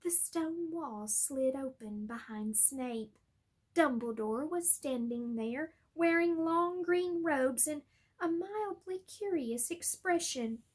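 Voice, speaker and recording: A woman reading a novel aloud, with measured, expressive narration. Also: high voice. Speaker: reader. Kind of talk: audiobook reading.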